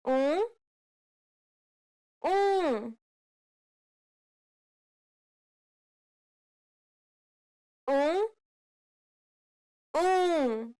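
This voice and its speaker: Very slow, high-voiced woman modeling sounds. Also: expressive, warm tone. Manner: carefully enunciated single words. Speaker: pronunciation model speaker.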